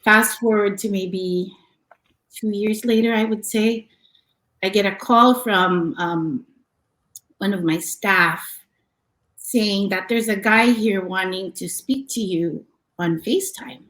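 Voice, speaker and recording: A woman's voice: medium pitch, slow pace, fairly bright tone, roomy sound, rough recording. A woman who owns a cafe, telling a personal story as a podcast guest. She speaks earnestly and reflectively, often restarting her sentences.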